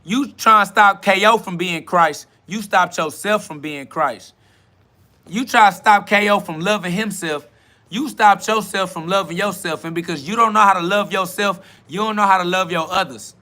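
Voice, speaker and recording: A man with a high, ringing voice delivers an off-the-cuff sermon in street slang. He preaches emphatically and profanely, circling back on the same phrases. He speaks outdoors by a road. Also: normal speed, sharp tone. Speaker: self-styled spiritual podcast host. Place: outdoors beside a road with passing cars.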